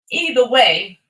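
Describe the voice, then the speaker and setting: A woman's voice: on the high side, sharp tone, roomy sound. A woman chatting on a casual livestream, rambling and swearing freely as she talks straight to her viewers. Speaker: livestream host. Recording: voice a bit distant from the mic.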